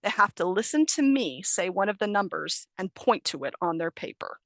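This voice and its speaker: A woman's voice: medium pitch, very animated, normal speed, fairly bright tone, dry recording. A young adult woman from the United States, an ESL teacher giving an online training talk, explaining patiently and correcting herself as she goes. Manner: explanatory, self-correcting, light laughs. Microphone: video call.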